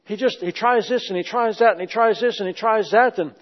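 A man's voice: high-pitched, a little fast. A man preaching a sermon, emphatic and repeating his phrases as he praises. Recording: dull, echoey hall sound.

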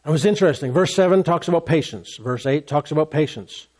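Animated male pastor preaching a sermon. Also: fairly high pitch, brisk. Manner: animated preaching, acting out grumbling voices.

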